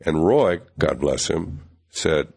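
Older man, very low voice, interview storytelling, animated, acts out quotes, fillers and restarts. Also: takes it slowly, vocal fry, slightly rough. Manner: animated, acts out other people's lines. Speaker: television writer and producer.

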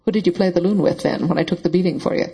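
Man doing a blunt, awkward man with a husky voice, audiobook. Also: sits high, steady tone, very fast, dark tone. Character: Scottish man, guilt-ridden, blunt.

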